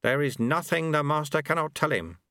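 A man's voice: fairly high pitch, expressive, normal speed, bright, forceful tone, no echo, studio quality, voice pushed up. A man voicing a wily old male monastery sweeper who talks in a chirpy, folksy, teasing way.

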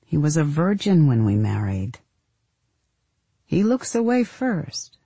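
Brief: husky female narrator, dark and low, deadpan audiobook read, dry close sound. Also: slow, no room sound. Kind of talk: audiobook narration of literary fiction.

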